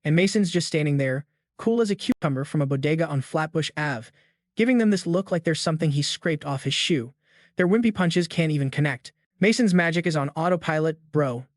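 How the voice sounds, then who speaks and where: A man's voice: on the high side, a little fast, dry recording, studio quality. Slangy man narrating a story recap. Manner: jokey, slang-heavy asides.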